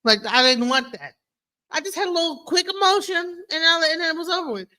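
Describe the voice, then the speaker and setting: A woman, a DJ and guest on a livestream, telling a story in casual chat and mimicking others. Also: fast talker. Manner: animated storyteller, mimics others in high voices.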